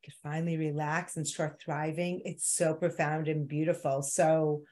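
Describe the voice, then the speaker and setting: A woman's voice: sits low, little pitch movement, moderate pace, mellow. A woman hosting a wellness talk show, speaking in an encouraging, affirming way and interviewing her guest. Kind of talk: podcast interview, wellness chat.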